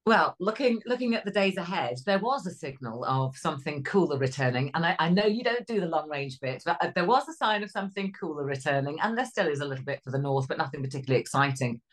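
An easygoing middle-aged woman from Cheshire, co-hosts a relaxed weather podcast. Her voice sits slightly low for a woman, and she talks conversationally with a dry, light humour. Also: quick pace, hardly any pauses. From Cheshire, England. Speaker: podcast co-host, weather presenter. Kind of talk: casual chat.

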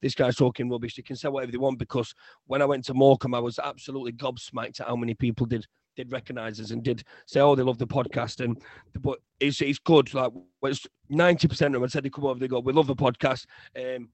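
A young man co-hosting a casual football podcast, ranting in an animated way and often repeating himself. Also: medium pitch, fast talker, no room sound. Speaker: podcast co-host.

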